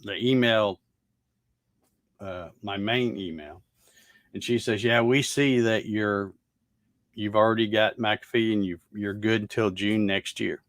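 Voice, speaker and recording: A man chats over his morning coffee in a rambling, folksy way, full of fillers and restarts. His voice sits low. The recording is dry, with no room sound. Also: steady tone, a little slow, long pauses, fairly bright tone, dry recording. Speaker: host. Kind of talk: casual chat, storytelling.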